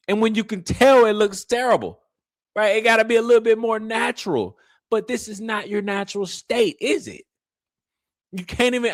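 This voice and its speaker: Animated, teasing male commentary host. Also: high voice, dry recording, clean studio sound. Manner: animated, teasing, mocking, loose slangy talk. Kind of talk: casual reaction commentary.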